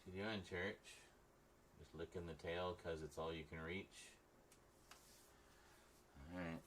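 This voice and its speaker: A man's voice: deep voice, steady tone, unhurried, fairly bright tone, a little hiss or hum. A man hosting a late-night livestream, chatting casually with viewers and rambling with many restarts. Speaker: livestream host. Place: home at night.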